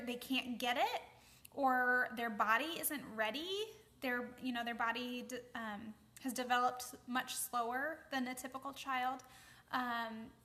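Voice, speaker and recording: Chatty bright-voiced young mom. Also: female voice, high voice. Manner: chatty, many fillers, keeps asking okay. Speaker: mom vlogger giving advice. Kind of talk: casual advice talk to camera.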